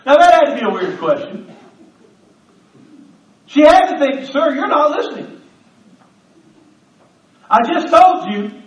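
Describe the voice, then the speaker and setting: High-voiced preacher in an echoey church. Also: male voice, animated, measured pace, pauses often. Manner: emphatic, conversational preaching with humor. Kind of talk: sermon. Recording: echoey church, distant mic, slightly dull.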